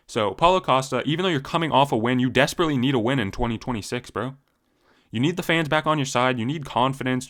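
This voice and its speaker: A man's voice: mid-range voice, fairly bright tone. A young man giving profane, heated, casual commentary on fighters, full of slang and fillers. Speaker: MMA commentary YouTuber.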